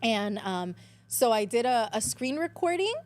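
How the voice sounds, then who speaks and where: A woman's voice: a little high, sing-song, measured pace. A woman in her twenties, a podcast guest, telling a story in casual chat, switching between English and Spanish, swearing freely and acting out quotes.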